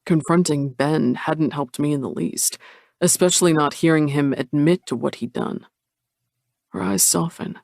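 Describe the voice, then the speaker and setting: A woman narrating a romance audiobook in a measured, intimate way. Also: sits low, gravelly, darkish tone, dry recording, clean studio sound.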